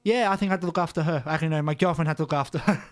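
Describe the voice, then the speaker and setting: Fast young man, joking radio co-host, high for a man. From Australia. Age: 20s. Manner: joking, quick anecdotes. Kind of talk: casual chat.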